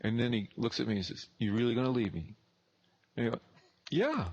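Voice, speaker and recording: A man's voice: mid-range voice, fairly even intonation, quick pace, a little mellow, husky, no room sound, dull audio. A man in his thirties, a real estate investor telling a blunt, profane story and acting out both sides of the dialogue. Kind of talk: casual storytelling.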